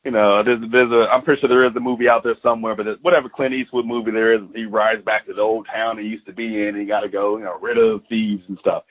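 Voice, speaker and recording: A man's voice: lowish voice, flat delivery, quick pace, hardly any pauses. A male pro wrestler called into a podcast, his voice thin and squeezed by a phone line. He talks in a loose, rambling way and keeps dropping fillers as he tells stories. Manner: loose, rambling, many fillers like "you know, man". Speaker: pro wrestler, interview guest. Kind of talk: casual phone interview.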